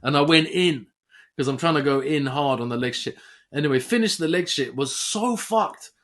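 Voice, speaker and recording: A man's voice: fairly high pitch, normal speed. A young man, telling a story animatedly and with lots of swearing as a podcast co-host. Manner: animated, swearing, jumps into quoted voices. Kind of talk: casual storytelling chat.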